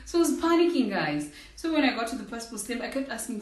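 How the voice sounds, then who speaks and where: Speaking quickly with big pitch swings, this young Zimbabwean vlogger has a voice on the high side. She shares a casual storytime with her viewers, performing the voices in it and calling them "guys" constantly, recorded far from the mic with roomy echo.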